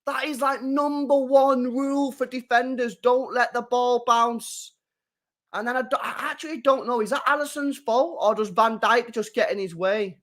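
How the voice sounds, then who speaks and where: A young man hosting a live football watchalong, reacting to the match, talking to his chat and bursting into shouts and laughter. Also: very high-pitched, normal speed. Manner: excitable, bursts into shouts and laughter, chats to viewers.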